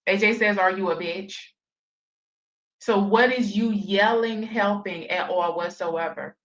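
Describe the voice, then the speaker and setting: A woman's voice: mid-range voice, measured pace, muffled recording. A woman giving blunt, profane, scolding reaction commentary on a livestream.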